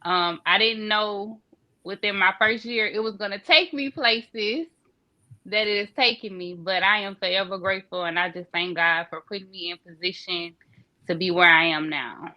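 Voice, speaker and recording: A woman's voice: medium pitch, moderate pace, highs cut off. A woman in her thirties with a Louisiana accent, a guest author chatting in a podcast interview and laughing easily. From Louisiana, USA. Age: 30s.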